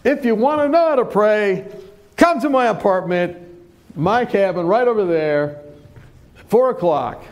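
A man's voice: high voice, lively intonation, measured pace, pitched above the performer's own voice. A man acting out a blunt, insistent stranger who keeps telling people they cannot pray. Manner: pushy, emphatic.

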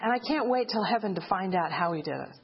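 A woman giving an earnest personal faith testimony as a widow, telling her story plainly and rising in pitch when she relives her cries. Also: expressive, quick pace, a little hiss or hum. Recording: dull lo-fi recording.

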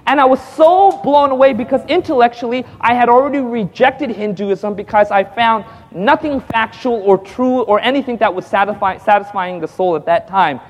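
A man preaches his testimony in a church hall, his fairly high voice trailing off into a long reverb. He tells the story with lively energy, acts out each exchange with a chuckle, and keeps asking the crowd for an "amen.". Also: moderate pace, few pauses. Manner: lively storytelling, acting out dialogue with frequent chuckles; calls out to the audience for responses. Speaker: evangelist.

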